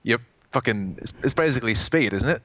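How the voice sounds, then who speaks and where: A man's voice: mid-range voice, lively intonation, fairly quick, a bit bright, muffled recording. Sweary posh English man. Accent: posh English, slightly Australian-tinged. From England. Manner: sweary, rambling, repeats words. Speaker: podcast guest. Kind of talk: casual chat.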